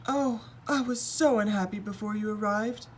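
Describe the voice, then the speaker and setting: A weepy storybook king who wails and sobs, his voice pushed up high and loud, as a woman puts him on. He drags his words out slowly, as if every sentence hurts. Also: big pitch swings, gravelly, a little hiss or hum, full character voice. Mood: wailing. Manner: sobbing, wailing and high-pitched. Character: weepy wailing king, grown man.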